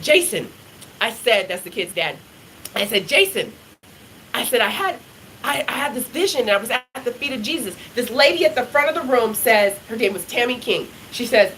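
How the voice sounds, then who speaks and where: Animated woman giving a testimony. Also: fairly high pitch, slight background noise, rough recording. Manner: animated storytelling, acting out quoted voices. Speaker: prophetess and minister. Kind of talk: testimony and prophetic ministry.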